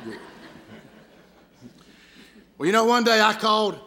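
A man's voice: high voice, animated, normal speed, pauses often, pushed and bright, a little hiss or hum. A man with a Georgia Southern accent, a pastor preaching a sermon with folksy, humorous stories. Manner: folksy storytelling, gravelly voice.

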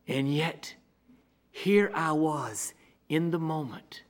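In a slightly high voice, a male pastor preaches, moving from booming proclamations down to quiet, almost whispered lines. He keeps a steady, repetitive rhythm throughout.

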